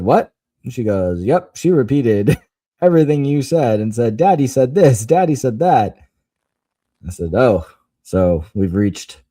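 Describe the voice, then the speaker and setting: A man's voice: lowish voice, mellow, no echo. A man in his thirties co-hosting a podcast, telling family stories in casual chat and laughing at himself. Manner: laughs while telling stories, self-deprecating. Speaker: podcast co-host.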